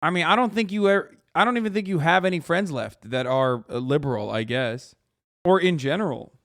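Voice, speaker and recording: Male streamer reacting to clips, swears a lot, mocking, fairly high voice, dry close mic. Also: lively intonation, brisk, a bit bright, no room sound. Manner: profane, mocking, laid-back. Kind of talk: casual reaction commentary.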